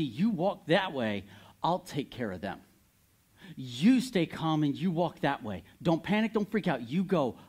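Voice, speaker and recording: A man voicing God as calm, direct and reassuring, in a sermon. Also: a little high, husky. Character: calm commanding deity, male.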